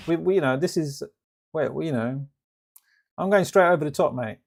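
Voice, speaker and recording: A man's voice: fairly high pitch, a little fast, vocal fry, faint music behind. A man hosting a live stream, rambling and ranting about a game trailer in casual reaction commentary. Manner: rambling, ranty, lots of restarts and fillers.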